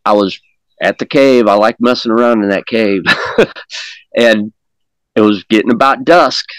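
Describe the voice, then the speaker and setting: A man's voice: lowish voice, dry recording, rough recording. Rambling folksy man, dry close sound. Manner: rambling, repeats words and restarts often; folksy, plain-spoken grammar. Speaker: guest recounting an encounter. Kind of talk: casual storytelling.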